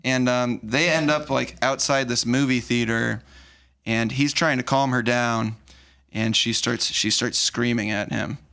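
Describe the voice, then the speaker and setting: A podcast host with a gravelly voice walks through a film in a casual chat. He retells it scene by scene and slips into the characters' lines as he goes. His voice sits at an average pitch. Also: unhurried. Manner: animated retelling, acts out lines. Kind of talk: casual movie recap.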